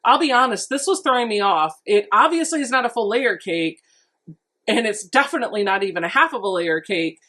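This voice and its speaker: A woman with a mid-pitched voice talks through an unboxing for her quilting channel. She is chatty and upbeat, thinking out loud as she shows each item. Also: lively intonation, a little fast. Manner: chatty and enthusiastic, thinking aloud. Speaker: quilting vlogger. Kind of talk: casual unboxing narration.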